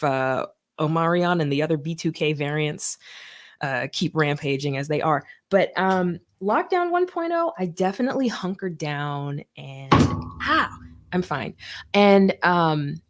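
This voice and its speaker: A woman comic doing a laid-back, rambling stand-up set on a live stream, giggling often. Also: sits low.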